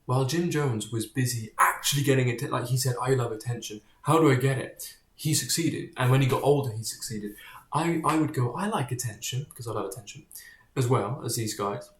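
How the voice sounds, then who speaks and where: A man's voice: mid-range voice, a little fast. A man talking casually to camera in a digressive, rambling way, often drifting off topic, blunt and sometimes profane. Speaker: vlogger. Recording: echoey room.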